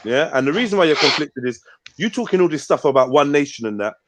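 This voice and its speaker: A man hosts a heated live panel debate, arguing confrontationally, cursing often and tagging his points with "yeah?". His voice is fairly high and expressive, and he speaks fast.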